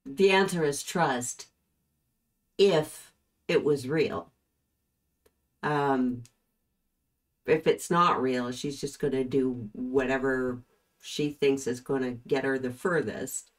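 A woman hosting her own channel, commenting in a slow, thoughtful and puzzled way on courtroom footage, with frequent pauses. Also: rumbling low, fairly even intonation. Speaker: host reacting to trial footage. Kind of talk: casual commentary.

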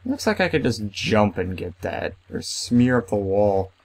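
His lowish voice has a sing-song lilt and a slightly slow pace. A young man running a let's play, he keeps up casual commentary, reads the game text aloud, and bursts out playfully now and then.

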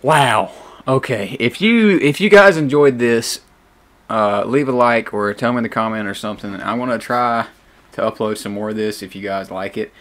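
A young man with a bright voice, playing a horror game and narrating aloud. He shouts in fright, mutters to himself, and talks close to a desk mic at home. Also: mid-range voice, moderate pace. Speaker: gaming YouTuber.

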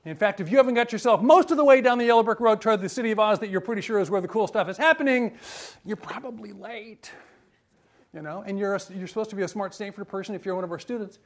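A man's voice: high-pitched, racing, few pauses. A man giving a humorous university lecture, joking and quizzing his audience. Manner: lively and joking, asks the audience questions.

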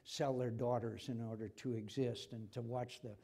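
Older guy, senator, husky voice, gets fired up and says things twice. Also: medium pitch, flat delivery, normal speed, dark tone. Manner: impassioned, repeats himself when stirred. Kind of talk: forum conversation. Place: university forum hall.

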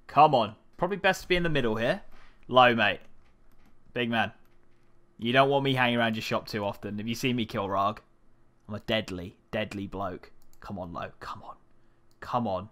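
A man in casual gameplay commentary, coaxing and cursing at game characters. His voice sits a little low but has a bright, cutting edge, and he swears freely. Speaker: gaming channel host.

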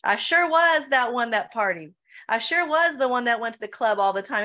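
A woman's voice: fairly high pitch, animated, normal speed, pushed and bright. A woman pastor of Filipino heritage, preaching in a church Q&A with emphatic rhetorical questions, often saying "right?" and "come on.". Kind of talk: preaching in a Q&A session.

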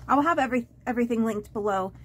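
A woman vlogger chatting to camera as she opens fan mail, halting and rambling with many fillers and restarts, gushing and easily moved. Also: a little high, husky. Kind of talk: casual unboxing chat to camera.

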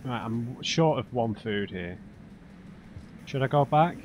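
A man talks through a game he is playing blind, chatty and self-mocking, his voice swinging widely between low mutters and loud yelps. His pitch sits in a middle range. A steady hiss of noise lies under the recording. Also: slow pace. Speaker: let's play host. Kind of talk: blind gameplay commentary. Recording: noticeable background noise.

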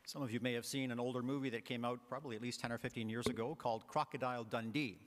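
A man's voice: medium pitch, steady tone, fast. A man preaching a homily as a priest, talking in a conversational way with fillers and asides. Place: large church. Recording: long church reverb.

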